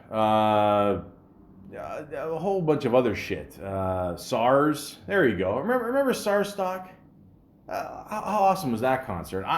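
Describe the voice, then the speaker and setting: Animated, profane man ranting on a podcast. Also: medium pitch. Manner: profane, joking, rambling with many fillers. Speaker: podcast host. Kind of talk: casual rambling monologue.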